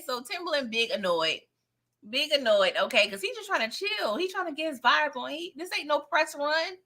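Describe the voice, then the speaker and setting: A high, bright woman's voice in a relaxed recap chat, sassy and slangy, breaking into laughter as she talks right to her audience. She keeps it loose and personal, like catching up with friends about last night's episode. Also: a little fast. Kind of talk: casual live recap chat.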